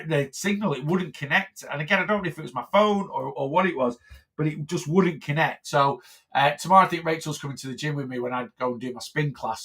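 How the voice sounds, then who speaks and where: A man's voice: on the high side, gravelly, a bit bright. A man, a weight loss coach, chatting casually on a phone live stream, rambling with lots of fillers and restarts.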